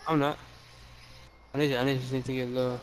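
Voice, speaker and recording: A man's voice: medium pitch, flat delivery, brisk, clean tone, rough recording. A man playing an online shooter, answering his teammate with short defensive replies. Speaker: gamer teammate. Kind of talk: casual gaming chat.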